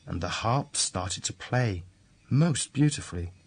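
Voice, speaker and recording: A man reads a children's fairy tale aloud in a slow, unhurried way. His voice is husky and slightly low, with a deliberate, repetitive storyteller's rhythm. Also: animated.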